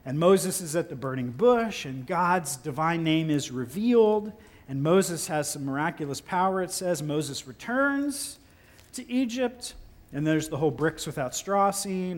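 A man preaching a sermon in a relaxed, conversational and playful way, breaking into exaggerated incredulous outbursts. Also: high-pitched. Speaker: pastor.

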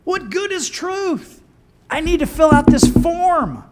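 Guy putting on a squeaky high frazzled roman governor, stammering, begging for help. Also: very animated, slow pace, heavy background noise, exaggerated voice. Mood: exasperated. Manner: frantic, pleading, stammering. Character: exasperated Roman governor, adult man, harried.

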